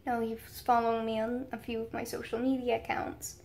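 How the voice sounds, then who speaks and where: A young woman chats through a casual storytime vlog, rambling on in a fairly high voice. Her tone stays flat and even, with a gravelly fry running under her words. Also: brisk, slight background noise. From United States. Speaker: vlogger.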